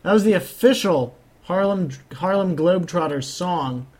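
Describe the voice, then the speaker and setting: A man's voice: high-pitched, moderate pace, darkish tone. A man hosting a comedic news podcast, reading items aloud and teasing his co-host.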